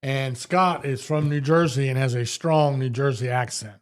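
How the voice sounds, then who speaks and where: A man's voice: mid-range voice, steady tone, normal speed. A man, hosting a fishing talk show as the captain, telling stories with dry jokes in easy casual chat. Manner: easygoing storyteller with dry jokes.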